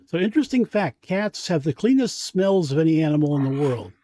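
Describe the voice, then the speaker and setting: A man's voice: on the high side, sing-song, brisk, mellow, no echo. A man co-hosting a talk show in casual, chatty conversation. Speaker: podcast co-host. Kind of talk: casual chat.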